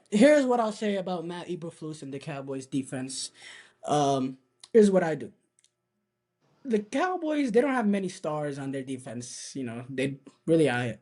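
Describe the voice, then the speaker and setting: A woman's voice: sits low, warm tone. A woman co-hosting a casual sports debate, emphatic and opinionated, with many "you know"s. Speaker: sports podcast co-host.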